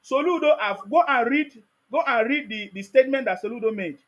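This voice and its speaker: High-voiced combative Nigerian man. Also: fairly quick. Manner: combative, repeats demands insistently. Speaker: host of a live call-in stream. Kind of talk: heated call-in debate.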